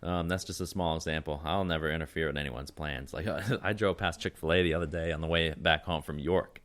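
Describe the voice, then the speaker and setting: A young man, a podcast guest telling rambling, animated stories and laughing often. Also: a bass voice, a little fast. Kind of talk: casual storytelling chat.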